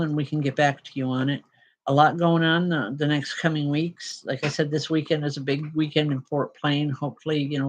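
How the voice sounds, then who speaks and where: A woman giving live spirit-message readings as host, chatty and apologetic, with frequent ums and an emotional edge. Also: low voice. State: emotional at times. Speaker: spiritual medium and show host.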